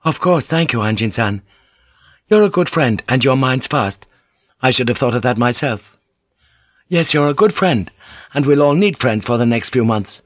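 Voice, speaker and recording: A man's voice: mid-range voice, expressive, moderate pace, pauses often, no echo, pitched above the performer's own voice, lightly acted. A man voicing a tense, stern male samurai officer who speaks in a clipped, insistent way. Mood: friendly. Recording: dull lo-fi audiobook recording.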